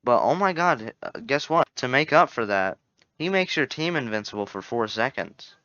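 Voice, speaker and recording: A man's voice: mid-range voice, expressive, normal speed, pushed and bright, dry recording. Rambling young man ranking game characters. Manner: rambling, self-correcting, jokey. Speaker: gaming YouTuber. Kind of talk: casual tier-list commentary. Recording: dull lo-fi home mic.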